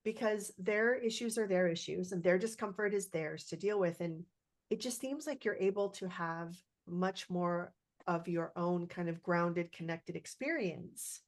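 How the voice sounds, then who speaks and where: A woman in a reflective podcast conversation who affirms the other speaker and reflects back what she hears. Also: fairly low pitch.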